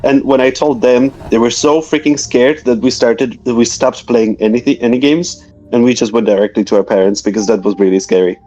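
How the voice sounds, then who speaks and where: A man's voice: medium pitch, a little fast, hardly any pauses, dark tone, faint music behind. Slovak man telling a story, lo-fi. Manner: hesitant, filler-heavy, nonnative phrasing. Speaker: guest. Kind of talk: casual storytelling interview.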